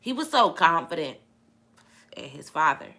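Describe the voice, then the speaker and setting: Woman preaching casually on her vlog, bright voice, all over the place pitch-wise, real emphatic. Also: sing-song, normal speed. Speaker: vlogger. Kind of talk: casual faith talk.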